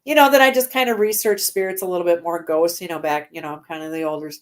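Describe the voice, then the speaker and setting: A woman's voice: lowish voice, fairly even intonation, fast talker. A woman in her forties, a guest on an interview show, talking casually with lots of fillers and frequent laughs. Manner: chatty, laughs often, many fillers.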